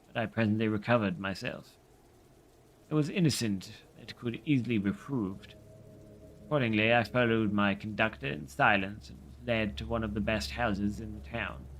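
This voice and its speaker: A man reading a classic novel aloud on a livestream in a steady, measured way. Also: fairly low pitch, a little hiss or hum, poor audio.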